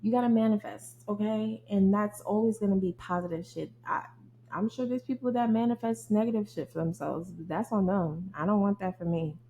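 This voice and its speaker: A woman's voice: medium pitch, moderate pace, slight background noise, rough recording. A young woman hosting a podcast, venting bluntly and with lots of profanity in a casual rant. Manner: blunt, profane, animated venting, addresses listeners as y'all. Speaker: podcast host. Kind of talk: casual ranting monologue.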